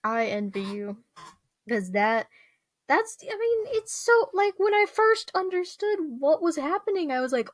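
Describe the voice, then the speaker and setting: A young woman vlogger talking casually, her fairly high voice tumbling along with filler words and little laughs. The sound is dry and close, with no room around it. She rambles and giggles her way through. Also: big pitch swings, a little slow, no room sound. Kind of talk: casual chat.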